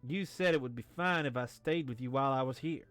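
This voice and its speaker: A man's voice: medium pitch, fairly quick, fairly bright tone, clear, resonant tone, no echo, faint music behind, natural voice. A man voicing an easygoing, slightly dim male traveler in a folksy, drawling way.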